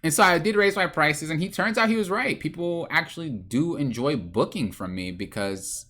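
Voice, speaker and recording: A man with a bright, forward voice tells a loose, rambling story on his own podcast. His pitch swings widely as he goes, and he stumbles and restarts his sentences, correcting himself mid-thought. It sounds like casual, unscripted talk about coaching games. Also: expressive, normal speed. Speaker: podcast host and game coach.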